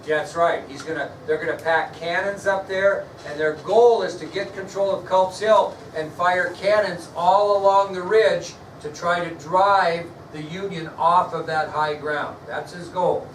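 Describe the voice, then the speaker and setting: A male history teacher lecturing a class, quizzing students and spelling words out slowly. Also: high voice, steady tone, a little hiss or hum. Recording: echoey classroom, mic far off, faint ambience.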